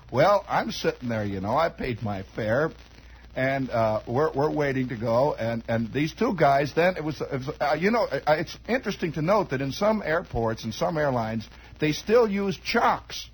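A man's voice: a little high, lively intonation, normal speed, slight background noise, rough recording. A man telling a long, rambling comic story, chatty and digressive, full of asides and restarts.

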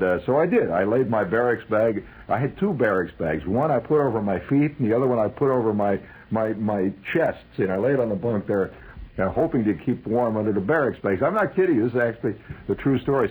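Man, husky, low-pitched, lively wry storyteller, comic army tale. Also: brisk, narrow, tinny audio. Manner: wry, animated, shouts out quoted calls.

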